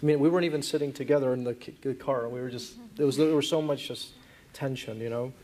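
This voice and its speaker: A man in his thirties, a guest in an on-stage conference interview, telling a personal story earnestly and haltingly, with many restarts. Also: mid-range voice, darkish tone.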